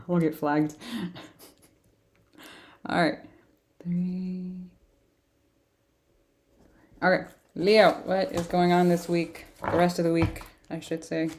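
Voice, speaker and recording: Woman, lowish voice, tired, rambling, laughs a lot, casual livestream tarot reading. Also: darkish tone. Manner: chatty, rambling, laughs often. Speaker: tarot reader.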